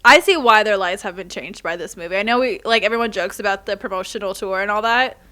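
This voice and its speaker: Bright, gushing woman reacting to a movie. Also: mid-range voice, quick pace. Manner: gushing, emotional, laughs often. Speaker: reaction YouTuber. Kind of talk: casual movie reaction commentary.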